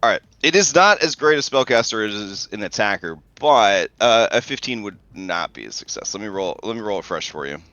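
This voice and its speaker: A man's voice: on the low side, expressive, fairly quick, hardly any pauses, bright, forceful tone, no echo, dull audio. A man narrating a tabletop game as game master in loose, chatty talk, swearing and thinking aloud.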